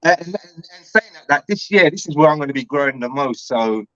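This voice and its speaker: A man's voice: a little high, expressive, a little fast, a bit bright, no echo, highs cut off. A middle-aged man talking in a casual chat, earnest and heartfelt, with lots of slang.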